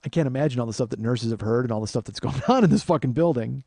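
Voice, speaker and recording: A man's voice: mid-range voice, very fast, vocal fry, dark tone, no room sound, studio quality. A man hosting a podcast, telling a personal story in a profane, emphatic way with frequent restarts. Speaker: podcast host.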